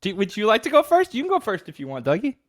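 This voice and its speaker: Male co-host, high, lively voice, teasing and crude, dry close sound. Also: fast, no echo. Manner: teasing, crude, laughing often. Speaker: podcast co-host. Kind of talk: casual comedic banter.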